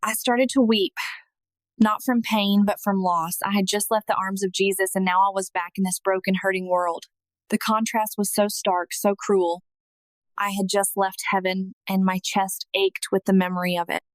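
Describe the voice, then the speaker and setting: Woman telling her story slow and emotional, earnest, pretty dry recording. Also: mid-range voice, level tone, dry recording. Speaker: narrator. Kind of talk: scripted first-person testimony narration.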